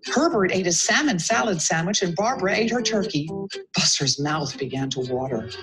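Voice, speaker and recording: A woman's voice: fairly low pitch, moderate pace, rough recording. A woman principal reads a children's picture book aloud for young pupils. Her voice rises and falls with lots of expression, and she drops in small asides. Faint music plays underneath. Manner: animated, chiming in with asides. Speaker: school principal.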